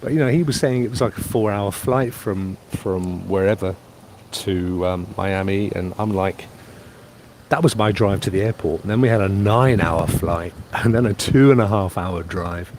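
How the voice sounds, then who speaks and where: Outdoors by a private pool on holiday, a man from England chats casually on a live stream, reading out viewer comments and rambling about his trip. His voice is deep with a darkish tone, his pace moderate, and there is slight background noise.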